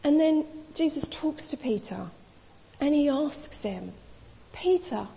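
Woman preacher, high mellow voice, casual storytelling sermon, reverberant hall. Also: animated, takes it slowly, gravelly. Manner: storytelling, acts out quoted dialogue in casual speech.

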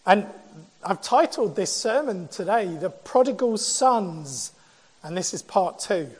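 A man preaching a sermon, asking rhetorical questions and working through the passage in a measured way. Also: high voice, lively intonation, slightly rough, big-room sound. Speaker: pastor.

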